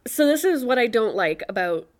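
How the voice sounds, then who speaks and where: A woman's voice: on the high side, big pitch swings, normal speed. A young woman co-hosting a podcast, telling candid stories in casual chat and laughing often. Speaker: podcast co-host.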